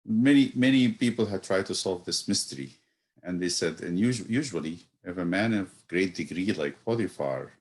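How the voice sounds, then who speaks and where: Deep-voiced male priest, reflective teacher, halting delivery that rises into emphatic questions. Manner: thoughtful, pausing with fillers, building to emphatic rhetorical questions. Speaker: priest teaching Bible study. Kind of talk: reflective Bible study lesson.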